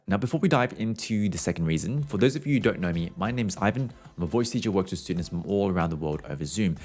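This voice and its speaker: A man's voice: low voice, lively intonation, fast talker, darkish tone. A young adult man, a voice teacher, explaining singing technique in a casual way and showing it with hums and short scales.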